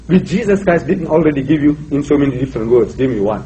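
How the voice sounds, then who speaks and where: A man's voice: medium pitch, expressive, fast talker, hardly any pauses, mellow, slight background noise. An older man from Africa, giving an emphatic, rhetorical public lecture in a university hall, quoting scripture. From South Africa. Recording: dull lo-fi lecture recording.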